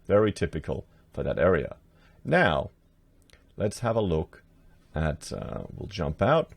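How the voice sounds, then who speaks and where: A political commentator, an Australian man, chats casually with his viewers, calling them guys and being sarcastic while he browses house listings. His low voice has huge pitch swings, vocal fry and a measured pace, captured in a dry recording.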